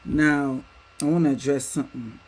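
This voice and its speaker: In livestream commentary from a home setup with a green screen, a man speaks emphatically to viewers he calls "y'all," firing rhetorical questions at them. His medium-pitched voice has a breathy edge, fairly even intonation and normal speed, and the recording is rough.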